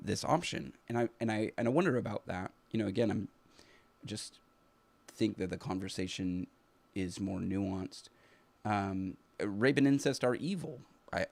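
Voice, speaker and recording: A man hosting a live stream, talking through his views in an earnest, halting way, with many fillers and restarts as he thinks aloud. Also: lowish voice, gravelly. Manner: earnest, reflective. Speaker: teacher. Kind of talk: unscripted live stream commentary.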